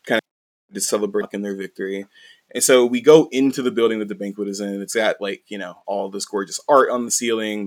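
Low-voiced man recapping a manga. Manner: animated storytelling, frequent "like" and "right?". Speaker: podcast host recapping a manga. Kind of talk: casual recap chat.

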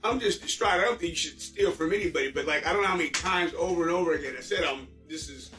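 A man's voice: a little high, fast. A man in his forties telling a frustrated story in casual chat and acting out both sides of the conversation. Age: 40s. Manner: animated ranting storyteller acting out dialogue. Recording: roomy, distant mic, faint music.

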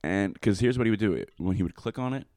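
A man's voice: on the low side, quick pace, warm tone, no room sound, clean studio sound. A young man telling crude, rambling stories in casual chat, swearing and laughing often.

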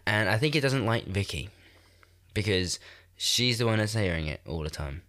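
A man's voice: fairly low pitch, lively intonation, moderate pace, bright, forceful tone. A man, hosting a podcast in casual chat, sounding nasal and congested from a cold, rambling and laughing at himself. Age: 20s. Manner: rambling, self-deprecating, laughs often. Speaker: podcast host. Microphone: new podcast microphone.

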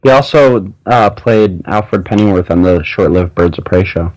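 A man co-hosting a casual podcast chat, asking quick questions and dropping dry quips. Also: deep voice, a little mellow, no echo, low-quality recording. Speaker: podcast co-host.

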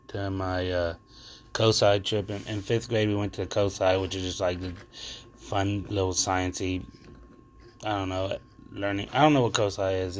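A young man with a lowish voice, chatting alone on his podcast. He rambles loosely and swears casually, and a faint hiss sits under his words. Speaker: podcast host. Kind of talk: casual solo monologue.

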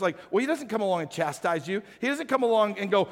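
A male pastor preaching with a high-pitched voice. He moves between loud acted shouting and quiet, low-voiced appeals to the congregation, and his voice carries a long reverb from a large hall. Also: lively intonation, fast talker, hardly any pauses. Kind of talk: sermon.

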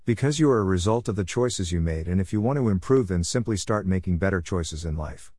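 A man's voice: sits low, animated, a little fast, mellow, dry recording, studio quality. A middle-aged man reading his own letter aloud, in a blunt, preachy and irreverent way. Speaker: podcast host.

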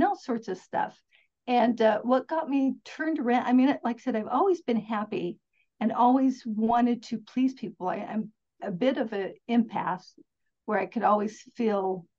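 A woman with a fairly high voice chats as a podcast guest, upbeat and enthusiastic as she rambles through her stories. She often restarts her sentences. The recording sounds dull and lo-fi. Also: darkish tone. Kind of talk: casual interview storytelling.

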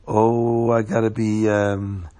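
Man doing a hushed, guilty finder. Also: little pitch movement, takes it slowly. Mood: resolved. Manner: low, hushed and remorseful. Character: guilty man who kept found money.

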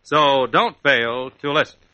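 A male radio announcer briskly reading a list of names on an old broadcast. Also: medium pitch, very noisy.

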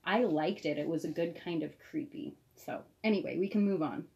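A woman's voice: low voice, brisk, gravelly, mellow, muffled recording. A woman co-hosting a casual chat about a TV episode. She is chatty and asks curious follow-up questions. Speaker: podcast co-host.

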